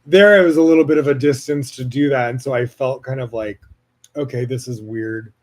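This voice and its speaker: A man's voice: mid-range voice, fast talker. Rambling, gushing American man podcaster. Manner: gushing, rambling, many fillers and swearing; frequent laughter, swings loud and soft. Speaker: podcast host. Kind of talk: casual personal storytelling monologue.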